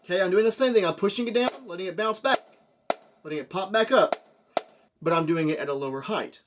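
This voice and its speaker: A man's voice: high voice, quick pace, over music. A man teaching a drum lesson, explaining step by step and checking in with "okay?" and "right?". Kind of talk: classroom lesson. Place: room with a drum. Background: drum hits.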